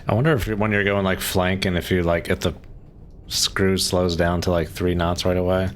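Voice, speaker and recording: Young guy streaming, super low voice, rambly, lots of "like", bit of background hiss. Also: little pitch movement, moderate pace. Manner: rambling, musing aloud with frequent likes and laughs. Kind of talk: casual gameplay commentary.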